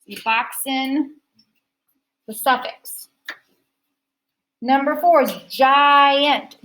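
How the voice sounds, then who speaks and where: A high-voiced woman teaching phonics to a classroom. She speaks at a slow, deliberate pace and draws out each word part as she sounds it out for the students. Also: fairly bright tone, poor audio.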